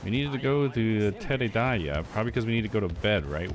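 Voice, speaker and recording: A man's voice: lowish voice, animated, a little fast, noisy background. A young man live streaming a game, chatting casually in a laid-back, self-deprecating way and laughing often. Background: game music.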